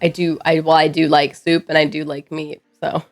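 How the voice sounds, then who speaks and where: A woman streaming live, chatting loosely and answering her chat with playful asides. Her voice sits fairly low and carries a lot of vocal fry. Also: little pitch movement, moderate pace, soft background music. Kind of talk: casual chat with viewers.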